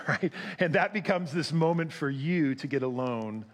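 A man's voice: fairly high pitch, expressive, measured pace. A man preaching a sermon as pastor, conversational, asking the congregation questions and acting out quotes.

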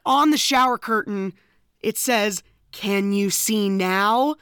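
A woman co-hosting a podcast, narrating a film's plot in casual chat with quick affirmations. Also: mid-range voice, a bit bright, clean tone, dry recording, studio quality. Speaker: podcast co-host. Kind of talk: casual film recap chat.

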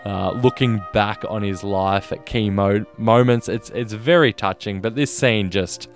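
A man co-hosting a podcast, talking about a film in an earnest, halting way with many restarts. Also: lowish voice, soft background music. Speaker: podcast co-host. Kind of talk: casual film discussion.

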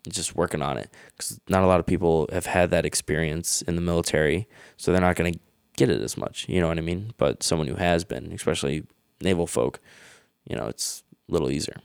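Low, smooth-voiced young man telling stories. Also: a little fast, no room sound, clean studio sound. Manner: loose storyteller, many fillers. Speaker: guest comedian. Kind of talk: casual interview.

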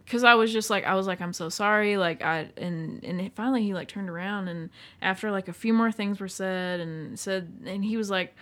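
A woman's voice: medium pitch, moderate pace, hardly any pauses. A woman guest on a podcast, telling a personal story in a rambling casual way, full of fillers.

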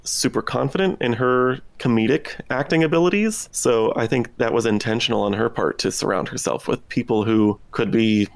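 Gravelly guy cohosting a podcast, casual chat, dry deadpan jokes, close dry mic. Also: mid-range voice, moderate pace, few pauses, dry recording. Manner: dry sarcastic humor, thoughtful. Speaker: podcast co-host.

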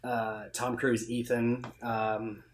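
A man in casual conversation, retelling a film scene at length in a loose, rambling way. His pitch sits in a plain middle range. Faint hiss sits under the voice. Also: slow pace. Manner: rambling, animated retelling with acted-out quotes. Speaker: podcast co-host. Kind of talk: casual chat about movies.

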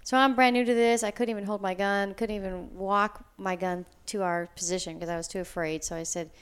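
A woman telling her own story in casual chat, animated and excitable, acting out what she said. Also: mid-range voice, a little fast, smooth. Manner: animated, excitable, quotes herself.

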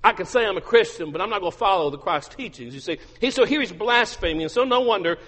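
High, bright-voiced preacher in a ringing hall. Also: male voice, animated, fast talker. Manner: emphatic, repetitive, humorous asides. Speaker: pastor. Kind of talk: sermon.

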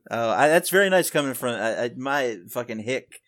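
A man with a Southern Appalachian accent, chatting casually as a podcast guest, self-deprecating and quick to laugh. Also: mid-range voice, expressive, fairly bright tone.

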